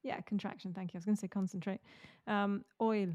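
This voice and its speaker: A woman co-hosting a podcast, chatting casually in a helpful, soft-spoken, teasing way. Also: medium pitch, level tone, fast talker, muffled recording, slight background noise. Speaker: podcast co-host.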